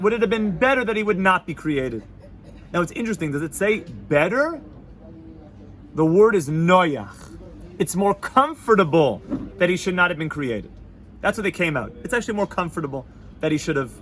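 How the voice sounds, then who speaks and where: A rabbi with a somewhat high voice gives a loose, lively Torah class in a yeshiva study hall. His speech dips to near hushes and then rises again, with Yiddish and Hebrew terms dropped into everyday English. A faint hum of the room sits behind him. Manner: animated, swings from loud to hushed, laughs easily.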